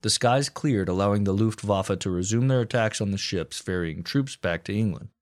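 A man with a lowish voice, speaking at normal speed, co-hosts a comedy podcast and narrates war history. He tells the story casually, joking crudely and using plenty of profanity.

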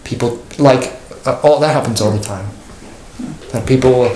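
A man teaching a church class in a loose, conversational way, with jokes and quick acted-out quotes. His voice has a mid pitch and rings in a reverberant room. A faint hiss sits under it. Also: fairly even intonation, a little mellow. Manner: conversational, joking, acts out quoted people. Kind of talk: informal catechism class. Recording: echoey room with faint noise.

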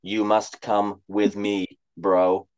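A man voicing a friendly hipster robot who talks in a slow, flat, mechanical way. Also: lowish voice, smooth, low-quality recording. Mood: deadpan.

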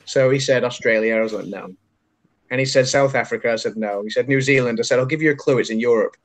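A man's voice: medium pitch, quick pace. A man from England, a podcast co-host chatting casually and telling anecdotes with frequent laughter. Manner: chatty storyteller, laughs often, lively when telling anecdotes. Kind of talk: casual chat.

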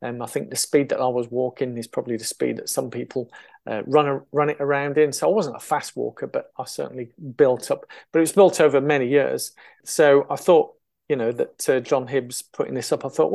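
Older english guy chatting in an interview, mid-pitched voice, lots of ums and laughs. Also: steady tone, brisk, creaky, darkish tone. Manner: chatty storyteller, laughs often, many fillers and restarts. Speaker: interview guest, runner. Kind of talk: casual interview chat.

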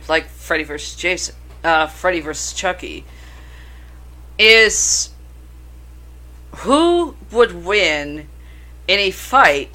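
A woman's voice: fairly low pitch, sharp tone. A woman co-hosting a casual chat about horror films, rambling and swearing freely. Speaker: podcast co-host.

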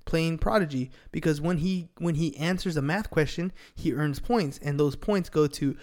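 On a casual business podcast, a sales coach in his thirties hosts with energetic, motivational talk, frequently tacking "right?" onto his lines. He speaks at a moderate pace in a fairly high voice with a darkish tone.

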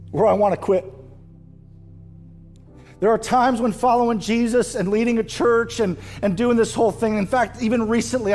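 A male pastor preaching a sermon to his church, impassioned and rising loud at emotional peaks. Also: sits high. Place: church stage.

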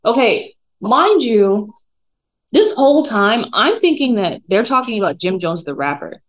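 A woman hosting a casual solo podcast from her dining room table, telling a story in a rambling, animated way with lots of fillers. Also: a little high, unhurried, rough recording. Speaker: podcast host. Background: dog running around.

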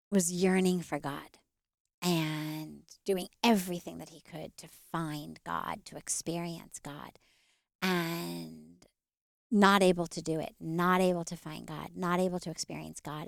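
Lady author doing an interview outside, lowish gravelly voice, slow dramatic pauses. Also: dry recording, clean studio sound. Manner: measured, with dramatic pauses and swells. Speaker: author and spiritual teacher. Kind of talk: storytelling interview guest. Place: outdoors.

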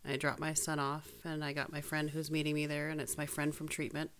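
A woman's voice: low voice, completely flat delivery, brisk, a bit bright. A woman in casual chat, telling a personal story earnestly and frankly, with casual swearing.

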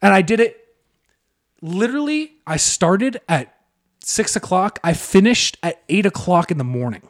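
A man's voice: high-pitched, animated, a little slow. A young man co-hosting a podcast, telling rambling, profane stories and laughing often. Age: young adult. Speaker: podcast co-host. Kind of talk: casual podcast chat.

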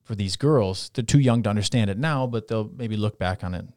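Lively storytelling man, low and dry. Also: brisk, no echo. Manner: animated storyteller, acts out quoted lines. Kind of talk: casual chat.

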